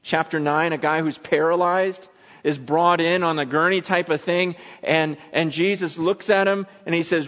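A man preaching a sermon, telling stories dramatically and swinging between loud urgency and hushed intensity. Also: on the high side, fairly even intonation, moderate pace. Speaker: pastor. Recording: long hall reverb.

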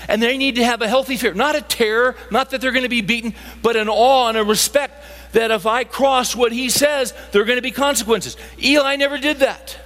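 A man's voice: very high voice, steady tone, fairly quick, few pauses, fairly bright tone. A middle-aged man preaching a sermon, emphatic and full of rhetorical questions to his listeners. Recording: long hall reverb.

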